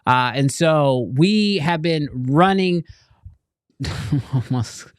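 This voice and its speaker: A man's voice: fairly high pitch, very slow, smooth, no room sound, clean studio sound. A middle-aged man hosting a casual live show, playful and joking, laughing often. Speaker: podcast host.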